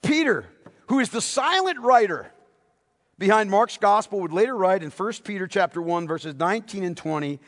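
A male pastor preaches with fervor, pressing his listeners with questions and calling them beloved. His voice sits high, and a long reverb trails behind it like a large hall. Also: lively intonation, moderate pace. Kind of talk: sermon.

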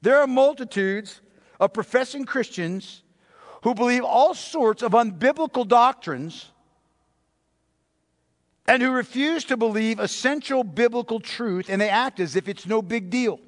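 High-voiced preacher man in a big hall. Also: expressive. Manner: emphatic, repeating phrases, slowing down to stress words. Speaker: pastor. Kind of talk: sermon. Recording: long reverb of a large hall.

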